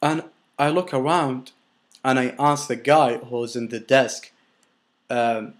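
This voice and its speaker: A man's voice: mid-range voice, steady tone, takes it slowly. A young man casually telling a personal story, rambling with many restarts and filler words, and swearing bluntly.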